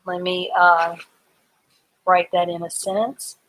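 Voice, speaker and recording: A middle-aged woman gives a live reading lesson at a very slow, careful pace. She breaks each word into its letters and sounds, then puts them back together. Her tone stays patient and encouraging throughout. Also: lowish voice, flat delivery, fairly bright tone, low-quality recording. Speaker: reading teacher.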